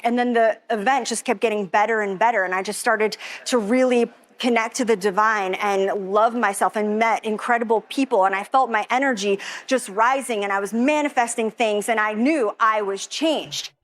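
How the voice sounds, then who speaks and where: A woman with a somewhat high voice tells her own story as an emotional testimonial. She talks in a gushing, breathless rush and fills her sentences with "like.". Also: moderate pace. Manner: breathless, gushing, heavy use of "like". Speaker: event attendee giving a testimonial.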